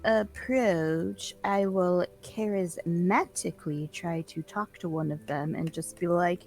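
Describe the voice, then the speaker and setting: A woman playing in a tabletop game, describing her actions casually and slipping into lively in-character lines. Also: fairly low pitch, takes it slowly, hardly any pauses, faint music behind. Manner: casual, animated when voicing her character. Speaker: player.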